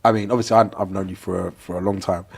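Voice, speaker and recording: A man hosting a casual podcast, asking questions in halting, restarting phrases. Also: sits low, fairly even intonation, creaky, husky. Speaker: podcast host.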